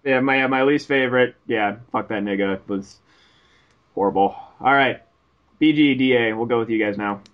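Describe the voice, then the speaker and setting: A man's voice: mid-range voice, normal speed. A man co-hosting a casual podcast, joking and handing the turn to the others. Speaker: podcast co-host. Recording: dull lo-fi sound.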